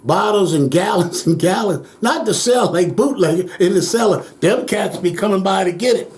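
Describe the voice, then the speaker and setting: A man's voice: high voice, lively intonation, moderate pace, darkish tone, slight background noise. An older man recounting childhood memories in an oral history interview, acting out the voices of people he quotes and chuckling as he goes.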